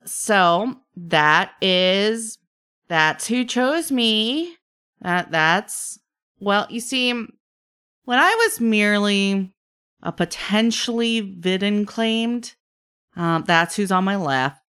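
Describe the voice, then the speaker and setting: Trickster spirit, male, playful and bored, played by a woman, smooth voice, teasing drawl. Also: medium pitch, lively intonation, a bit bright, pitched above the performer's own voice. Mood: chatty. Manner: teasing, drawn-out, chatty with trailing fillers.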